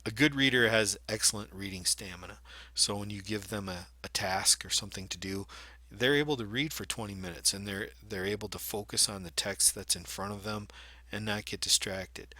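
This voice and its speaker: A man teaches a reading lesson for video, explaining each point and sometimes showing it by reading aloud. His voice sits a little low but rings very bright and forceful. The recording is dry, with no room echo. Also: normal speed.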